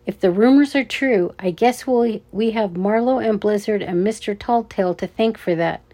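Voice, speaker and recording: A woman's voice: normal speed, lightly acted. A woman doing a hulking, throaty guard. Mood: urgent. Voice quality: deep, throaty. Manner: urgent, hushed warnings. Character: huge gruff male security guard.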